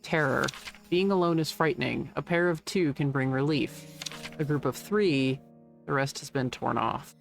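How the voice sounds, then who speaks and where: A woman game streamer talks through her play in a fairly low voice, wry and a little sweary, reading the game's text aloud as she goes. Faint game music sits quietly behind her. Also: normal speed, gravelly. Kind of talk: casual gameplay commentary.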